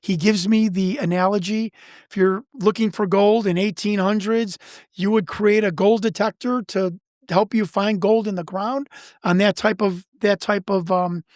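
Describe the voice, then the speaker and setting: A man from Chicago, an investigator and podcast guest, telling a story fast with many repeated words and restarts. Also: high-pitched, fairly even intonation, dry recording, clean studio sound. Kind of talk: animated storytelling in an interview.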